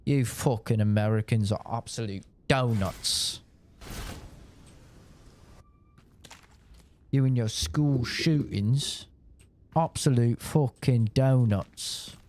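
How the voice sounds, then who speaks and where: A man's voice: medium pitch, slow, darkish tone, lightly acted. A man putting on a sneering, contemptuous British man with a scornful, superior manner.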